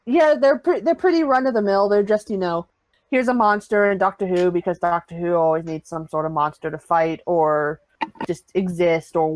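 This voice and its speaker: A woman's voice: on the low side, no echo, poor audio. A woman guest on a review podcast, talking with dry, teasing sarcasm. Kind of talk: casual review chat.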